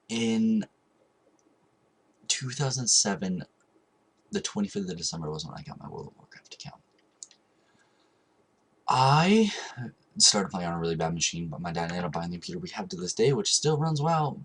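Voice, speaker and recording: Young man with a low, husky voice. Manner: rambling, with frequent ums and restarts. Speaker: vlogger. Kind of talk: casual storytelling vlog.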